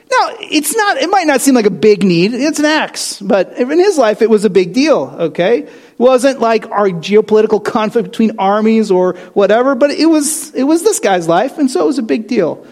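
Animated high-voiced male preacher. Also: normal speed. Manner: conversational, animated, asks rhetorical questions. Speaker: pastor. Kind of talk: sermon.

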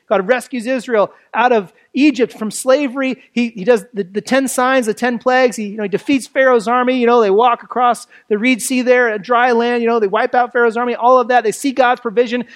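A preacher giving a sermon that explains a Bible passage in a conversational way, asking rhetorical questions and swinging between emphatic lines and quiet, dropped phrases. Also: mid-range voice.

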